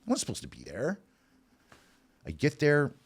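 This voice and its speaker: A man as a podcast guest, telling his recovery story in a candid, self-deprecating, animated way. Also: on the high side, normal speed, slightly rough.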